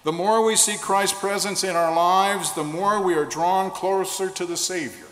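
A man preaching a sermon and leading prayer, slowing down to stress key phrases. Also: high voice, fairly bright tone. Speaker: pastor. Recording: echoey hall with long reverb.

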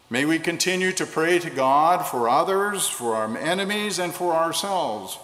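Echoey, higher-voiced male preacher. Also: expressive, a bit bright, a little hiss or hum. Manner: measured preaching, slowing on key phrases. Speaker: pastor. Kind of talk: sermon. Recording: echoey hall with long reverb.

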